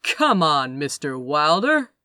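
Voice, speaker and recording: A woman voicing a stern, cold male boss who talks in a slow, clipped, menacing way. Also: low-pitched, very animated, bright, forceful tone, no echo, clean studio sound, exaggerated voice. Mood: cold menace.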